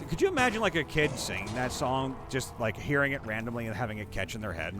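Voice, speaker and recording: Over game music and a noisy background, this adult male streamer and voice actor, not young, chats and rants with crude, profane jokes. His mid-range voice moves quickly and swings widely in pitch.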